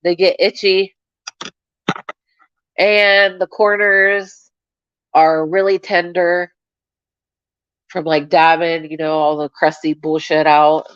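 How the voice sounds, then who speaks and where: Slow-talking woman with a scratchy throat. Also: lowish voice, level tone, clean tone, no echo, dull audio. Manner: chatty, swears freely, blows kisses. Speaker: livestream host. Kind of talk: casual chat to viewers.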